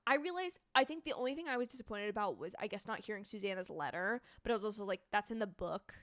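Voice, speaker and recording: A young woman hosting a live reaction stream, chatting about a TV show and reading out viewer comments in an excitable, chaotic, gushing way. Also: medium pitch, rapid-fire, no room sound, clean studio sound.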